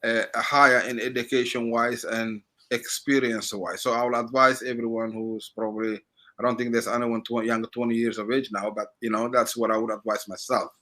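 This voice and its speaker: Bright-voiced man with a Somali accent. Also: mid-range voice, level tone. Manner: halting, repeats words while searching for phrasing. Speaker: interview guest. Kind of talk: reflective interview talk.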